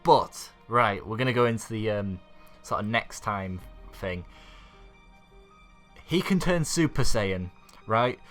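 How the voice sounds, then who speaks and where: A man's voice: lowish voice, lively intonation, slow, a bit bright, soft background music. A man recapping an anime episode in a casual, rambling way, full of fillers and little laughs. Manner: rambling, filler-heavy, chuckles often. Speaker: YouTube anime reviewer.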